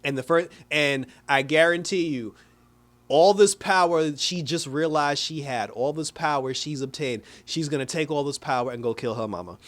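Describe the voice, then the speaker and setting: A man recapping an episode in a casual video review, chatty and animated, often laughing. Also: fairly high pitch, normal speed. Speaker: show reviewer.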